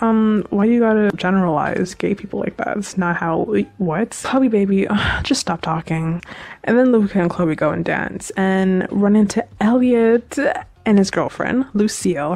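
A woman chatting casually as a video reviewer, recapping an episode in a gushing, animated fan manner. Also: mid-range voice.

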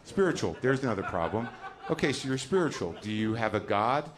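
A man's voice: sing-song, brisk. An American man doing stand-up comedy on a theater stage, ranting in a sardonic way, with a live audience laughing behind him. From United States. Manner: ranting, sardonic, acts out characters in shrill high voices. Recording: noisy live stage recording.

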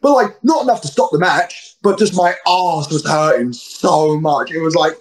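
Man, London accent, guest wrestler, blunt and slangy, swears a lot, slightly high voice. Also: moderate pace, rough recording. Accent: London English. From England. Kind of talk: casual interview storytelling.

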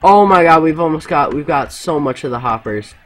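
A young man talking in gaming voice chat, excitable and crude, shouting to his teammates. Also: on the high side, fairly quick. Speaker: gamer.

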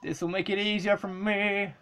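A woman giving casual commentary while playing an old handheld game, excitable and swearing and yelling at the screen. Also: mid-range voice, moderate pace, slight background noise. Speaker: let's play gamer.

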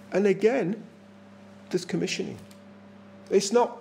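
High-voiced English preacher, earnest sermon. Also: male voice, lively intonation, a little slow, creaky, pauses often, a little hiss or hum. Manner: earnest, emphatic, repeats phrases for effect. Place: small village church.

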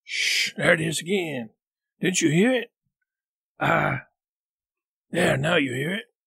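A man's voice: on the high side, animated, slow pace, creaky, fairly bright tone, husky, no room sound, studio quality, full character voice. Nervous boy voiced by a man, earnest, slightly raised whisper. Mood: nervous hush. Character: nervous boy trying to stay brave.

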